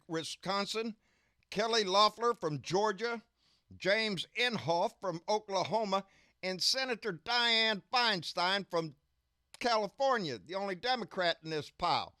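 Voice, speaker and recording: A man's voice: high-pitched, pushed and bright, dry recording, studio quality. A man hosting a casual live stream, folksy and profane, calling everyone "baby" as he chats and rants.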